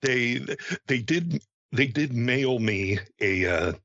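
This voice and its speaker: A man in his fifties chatting on a podcast, speaking haltingly with many restarts. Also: medium pitch, lively intonation, fairly bright tone, no room sound. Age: 50s. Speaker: podcast co-host. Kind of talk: casual podcast chat. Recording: dry, dull lo-fi sound.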